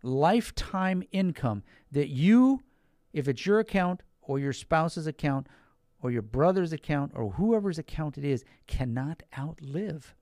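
A man's voice: fairly high pitch, lively intonation, measured pace, a little mellow, no echo, studio quality. A man explaining financial products in a folksy, repetitive sales manner, talking directly to the listener and stressing key words. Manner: folksy, repeats points, talks directly to listeners. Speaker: financial advisor.

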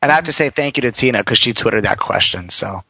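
Gravelly-voiced man hosting a chat. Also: medium pitch, lively intonation, quick pace, pushed and bright, no echo, low-quality recording. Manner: conversational, rambling, swears casually. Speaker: talk show host. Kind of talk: casual chat. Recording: noticeable background noise.

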